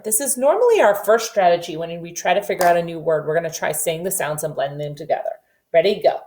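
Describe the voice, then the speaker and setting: A woman teaching a phonics lesson to children over video, sounding out letters and reading a nursery rhyme slowly and deliberately. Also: on the low side, very animated, darkish tone. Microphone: camera facing the teacher.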